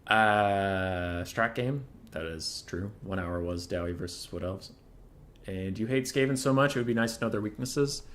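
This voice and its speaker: A fairly low-pitched young man talks at normal speed while streaming a competitive strategy game. It's casual live-stream talk about matchups, punctuated by mock-angry outbursts.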